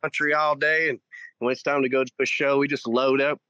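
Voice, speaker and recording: A man's voice: medium pitch, little pitch movement, brisk, sharp tone, clean tone, no echo, muffled recording. A man with a Southern American accent, a musician guest telling folksy, laughing stories in casual podcast chat.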